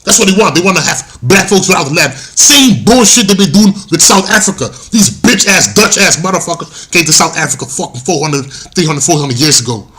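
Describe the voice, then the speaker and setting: A man's voice: a little high, animated, brisk, hardly any pauses, fairly bright tone. A man from Guyana delivering an angry, profane political rant straight to his viewers as a vlog monologue. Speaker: political commentator.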